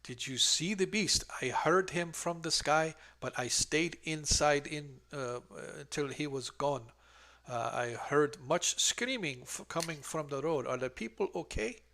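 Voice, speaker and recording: A man's voice: fairly high pitch, unhurried, sharp tone. A man putting on a fussy old midwife lady. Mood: worried. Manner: doting, slightly broken speech.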